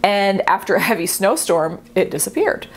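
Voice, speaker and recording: Young woman artist riffing on art history, jokey and animated, mid-pitched, bounces up high when she gets excited. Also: moderate pace. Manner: chatty, playful, self-mocking, animated. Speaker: artist and video host. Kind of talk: comedic art-history explainer.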